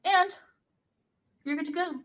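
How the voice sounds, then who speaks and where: A woman's voice: extremely high pitch, fairly even intonation, measured pace, fairly bright tone. A woman doing a mukbang food review, chatting casually about each snack as she eats it. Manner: chatty, describing food while eating. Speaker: food vlogger.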